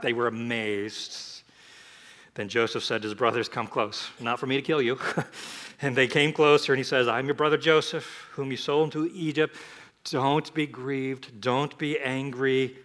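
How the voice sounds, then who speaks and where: A man preaching a sermon with a bright, ringing voice. He is animated and leaps up in pitch and volume to act out the scripture. Then he drops back to plain teaching. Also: moderate pace. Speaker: pastor.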